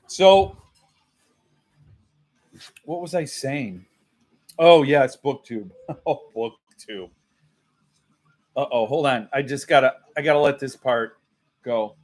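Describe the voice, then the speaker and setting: Slow-talking rambling man host. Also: mid-range voice. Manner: rambling, self-mocking, laughs often. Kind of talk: casual live-stream chat with viewers.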